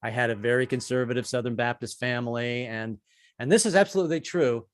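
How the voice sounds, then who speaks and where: Older man doing chatty stand-up. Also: fast. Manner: chatty, self-deprecating, jumps into high-pitched character voices for quoted people. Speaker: stand-up comedian. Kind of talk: stand-up set. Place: comedy club stage.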